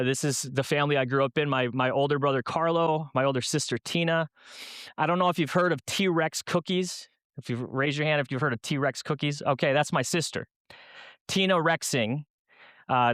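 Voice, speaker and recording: A man's voice: a little high, fairly bright tone, no room sound. Man, guest speaker, humorous church talk, rhetorical questions, dry close sound, resonant voice. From Minnesota, USA. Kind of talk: youth talk at a church event.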